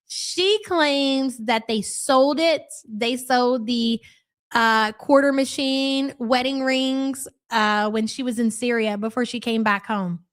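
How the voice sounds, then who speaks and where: A woman's voice: on the high side, fairly bright tone. Sarcastic middle-aged woman streamer. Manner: sarcastic and mocking. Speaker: reaction livestream host. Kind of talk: live reaction commentary, reading chat messages.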